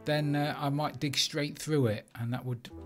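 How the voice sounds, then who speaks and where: A man talks through his building project in a relaxed, chatty way, explaining each step as he goes. His voice sits a little high for a man. Faint music plays underneath. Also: normal speed. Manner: chatty, thinks aloud while building. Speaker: Minecraft let's play creator. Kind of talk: casual gameplay commentary.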